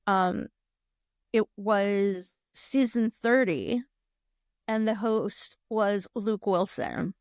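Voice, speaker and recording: A woman's voice: mid-range voice, extremely slow, smooth, dry recording, studio quality. A woman co-hosting a podcast, chatting casually with lots of fillers and laughter. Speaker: podcast co-host. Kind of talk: casual chat.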